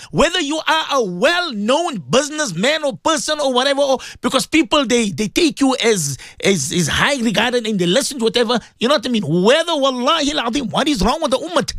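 Fervent, high-pitched preacher man. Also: animated, fairly quick, hardly any pauses, fairly bright tone, no echo, clean studio sound. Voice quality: emphatic, repetitive preaching with sudden pitch leaps. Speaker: radio presenter giving religious advice. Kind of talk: impassioned radio sermon.

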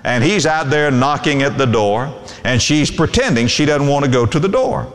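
A man's voice: expressive, moderate pace. Preaching man in a reverberant hall. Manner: preaching with sweeping pitch swings, quoting scripture in old English. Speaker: pastor. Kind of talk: sermon.

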